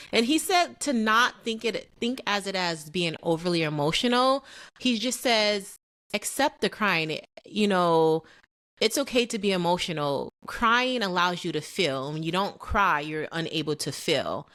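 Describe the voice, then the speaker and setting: A woman's voice: on the low side, expressive, a little slow, fairly bright tone. A young adult woman co-hosting a podcast, talking in an earnest, reflective casual chat. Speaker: podcast co-host.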